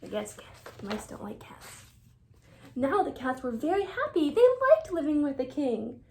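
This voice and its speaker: A woman reading a children's picture book aloud in an animated way, with whispered asides to the young listeners. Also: sits high, a little slow, slight background noise. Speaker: reader.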